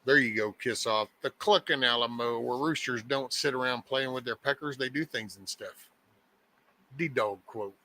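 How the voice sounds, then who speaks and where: A man's voice: mid-range voice, normal speed, pushed and bright. A man hosting a casual morning chat show who talks in a folksy, meandering, joking way. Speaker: host of a daily live show.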